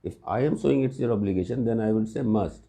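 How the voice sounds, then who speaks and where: A man's voice: fairly low pitch, fast, vocal fry, mellow. A man teaching English grammar in a recorded lesson, explaining patiently with examples and often checking with "right?".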